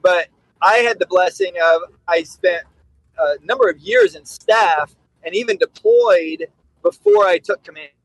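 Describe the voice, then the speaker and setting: A middle-aged man with a notably high voice talks candidly and bluntly as a podcast guest. His speech is recorded close and dry, with no room echo around it. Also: very animated, unhurried. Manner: candid, blunt, acts out quotes. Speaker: podcast guest, dog trainer. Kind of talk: casual storytelling.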